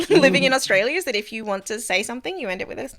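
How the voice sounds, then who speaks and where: A woman's voice: fairly high pitch, lively intonation, racing, a bit bright. A woman in casual chat with other players, rambling and making fun of herself. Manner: chatty, self-mocking, rambling.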